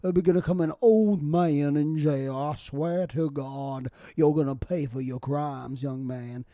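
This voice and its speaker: A man putting on a stern old Southern judge with a Southern accent, booming out a sentence in a slow drawl. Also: warm tone, no echo, lightly acted. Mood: menacing.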